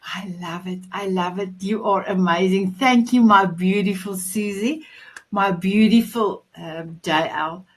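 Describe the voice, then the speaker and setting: South African woman host, gushing and warm-hearted in her praise, casual chat. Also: mid-range voice, measured pace, low-quality recording. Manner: effusive, repeats phrases of praise.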